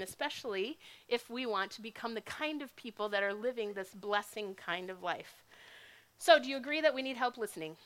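A woman's voice: a little high, fairly bright tone. A woman giving a sermon in a casual, conversational way. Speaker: speaker.

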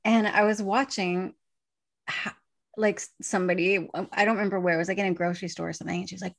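A young woman hosts a loose, casual conversation, chatty and quick to laugh. Her voice carries a gravelly, creaky edge, and she slips into little acted-out quotes as she tells her stories. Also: medium pitch, fairly even intonation. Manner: chatty, laughs often, acts out quoted lines. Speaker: podcast host. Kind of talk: casual chat.

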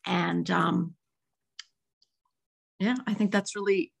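A woman's voice: lowish voice, fairly even intonation, takes it slowly, gravelly, breathy edge. A woman on a video call, grateful and a bit scattered in her talk. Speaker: meeting participant.

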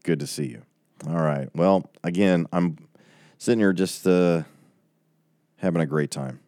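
Very deep-voiced man closing a Bible study. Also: measured pace, dark tone, no room sound, studio quality. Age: 40s. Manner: chatty, reading out viewer comments. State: tearing up. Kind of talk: casual livestream Bible study wrap-up.

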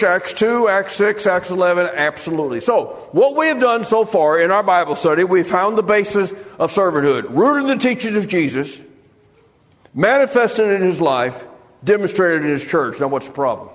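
A man's voice: high-pitched, animated, moderate pace, long reverb tail. A man preaching a sermon, telling humorous stories and acting out the voices of the people in them. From United States. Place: church sanctuary.

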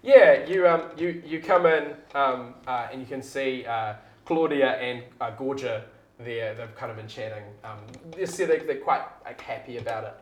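A man's voice: medium pitch, moderate pace, echoey room. A man narrating as game master in a rambling way, full of fillers.

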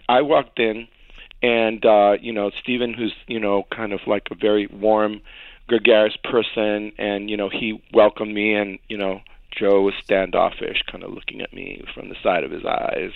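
A man, a songwriter guest in an interview, telling stories in an animated way, acting out quotes and laughing often. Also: on the low side, vocal fry, dry recording. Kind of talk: storytelling interview. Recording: tinny phone-like dry sound.

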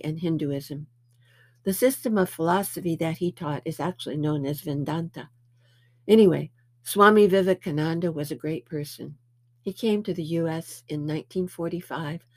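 Chatty low-voiced woman telling stories. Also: darkish tone, dry recording. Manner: chatty storytelling, playful self-mockery. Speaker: spiritual speaker. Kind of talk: anecdotal spiritual talk.

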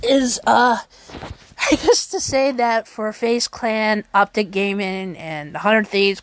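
A woman's voice: medium pitch, no room sound. A young adult woman hosting her own podcast, chatting casually and rambling with restarts and fillers. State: has the hiccups. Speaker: podcast host. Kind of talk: casual solo podcast chat.

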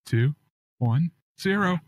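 A man's voice: on the high side, expressive, slow pace, no room sound. A man hosting a casual gaming podcast, teasing his co-hosts and giving hyped-up introductions. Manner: playful, teasing, hype-style introductions. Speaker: podcast host.

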